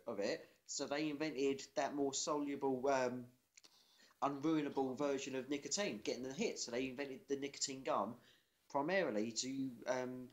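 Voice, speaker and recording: A man co-hosting a casual podcast chat, telling facts and jokes with sweary confidence. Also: medium pitch. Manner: sweary, jokey, confident storytelling. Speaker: podcast co-host.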